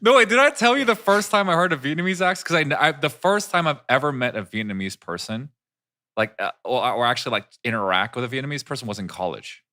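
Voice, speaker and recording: A man chatting casually as host of a stream, animated and laughing often while he acts out accents. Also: medium pitch, fast talker. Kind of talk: casual chat about accents.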